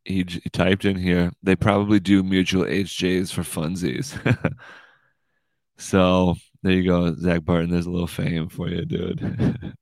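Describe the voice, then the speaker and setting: Deep-voiced rambling podcast guy. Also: dry recording. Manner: rambling, profane, says "dude" a lot. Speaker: podcast host. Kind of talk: casual livestream podcast chat.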